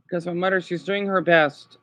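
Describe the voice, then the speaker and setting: A man with a high, bright, sharp-edged voice rambles through an unscripted livestream from home. He is upset and worn out, stops and restarts often, and keeps asking "okay?". The sound is close and dry, with no room echo. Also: level tone. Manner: halting, repeats himself, frequent "okay?" tags. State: upset and exhausted. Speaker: vlogger livestreaming.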